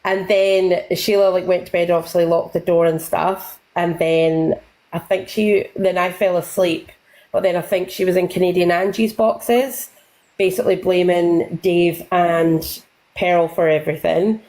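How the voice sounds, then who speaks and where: Woman with a lower voice spilling gossip on a live, rambly and sweary. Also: flat delivery, darkish tone, low-quality recording. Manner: chatty, swears freely, rambling storyteller; acts out other people's lines in quick bursts. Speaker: livestream guest recapping drama. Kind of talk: casual gossip recap.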